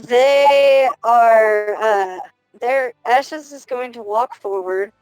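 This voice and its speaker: Slow-spoken woman at a game table. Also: on the high side, a little mellow, smooth, no room sound, soft background music, low-quality recording. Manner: slow, hesitant, with "uh" pauses. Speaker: player. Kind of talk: tabletop game play, describing her character.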